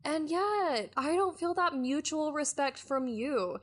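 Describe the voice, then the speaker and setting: Woman playing a blunt adventurer lady, scolding, fast and loud. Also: high-pitched, lively intonation, voice pushed up. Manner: lecturing, scolding. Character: indignant blunt female adventurer.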